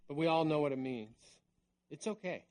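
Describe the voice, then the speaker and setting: A middle-aged man preaching a sermon in a conversational way, dropping to a near hush on key words. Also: a little high, normal speed. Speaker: pastor.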